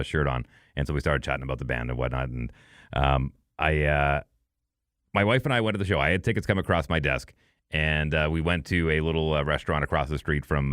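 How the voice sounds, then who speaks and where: A middle-aged man co-hosting a podcast, telling a long anecdote in a casual, animated way and acting out the people he quotes. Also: very deep voice, clear, resonant tone, no room sound, clean studio sound. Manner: animated storyteller, acts out quoted voices. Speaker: podcast co-host. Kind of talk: casual storytelling chat.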